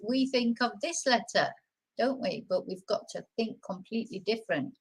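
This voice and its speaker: A woman's voice: a little high, rough recording. Chatty woman teaching pronunciation. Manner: chatty, restarts often, stretches out example words slowly. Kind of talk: live-streamed casual lesson.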